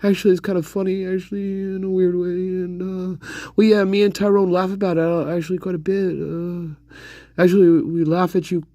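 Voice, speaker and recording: A man's voice: sits high, flat delivery, fairly quick, dark tone, dry recording, studio quality, close to an everyday voice. A man doing a hesitant, rambling heckler. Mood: teasing.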